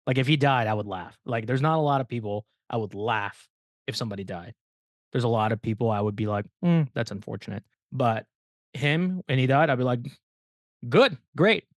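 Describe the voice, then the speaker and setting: A man's voice: medium pitch, fairly quick, no echo. Young male guest, ranting storyteller, profane and laughing; dead-dry mic. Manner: profane, ranting, laughs while telling stories. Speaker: podcast guest. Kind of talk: casual storytelling.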